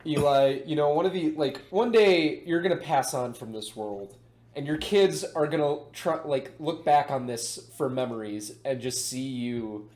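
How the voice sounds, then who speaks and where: A man's voice: fairly high pitch, a little slow, a little mellow. Laid-back guy in an echoey room. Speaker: podcast co-host. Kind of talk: casual chat among friends.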